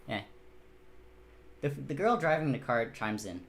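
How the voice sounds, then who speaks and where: A man's voice: medium pitch, lively intonation, measured pace, creaky, pauses often, fairly bright tone, slight background noise. A man narrating as game master of a tabletop game, casual and rambling, with fillers and the odd swear.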